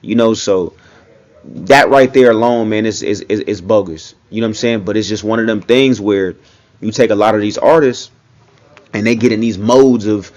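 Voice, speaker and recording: Laid-back man with a lowish voice. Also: normal speed, darkish tone, muffled recording. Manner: conversational, keeps saying "you know what I'm saying". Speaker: commentator. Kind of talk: casual reaction commentary.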